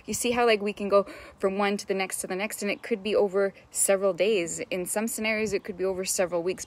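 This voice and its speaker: A young adult woman, a business mentor, giving an enthusiastic, chatty live-stream coaching talk, greeting viewers and swearing now and then. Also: lowish voice.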